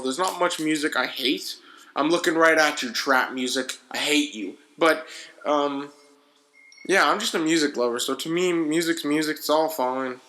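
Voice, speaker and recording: A young man with a slightly high voice hosts his own podcast in a loose, rambling rant. He talks with lots of slang and keeps restarting his sentences, full of energy. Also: sharp tone. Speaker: podcast host. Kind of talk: casual solo podcast rant.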